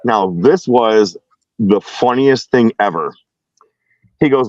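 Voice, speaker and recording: A man's voice: medium pitch, takes it slowly, pauses often, a little mellow, no room sound, lo-fi sound. A man telling a story in casual chat, acting out both sides of a dialogue.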